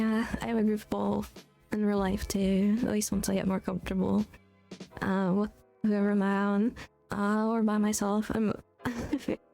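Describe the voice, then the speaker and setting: A woman's voice: medium pitch, gravelly, dark tone. A woman live streamer chatting casually with her viewers in a rambling, goofy, giggly way.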